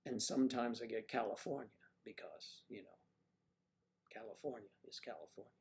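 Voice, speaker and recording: Speaking at a normal speed in a fairly low, slightly mellow voice with vocal fry, a man from the Mid-Atlantic United States hosts a casual livestream. He has no marked accent and rambles in a folksy way while answering viewers' comments.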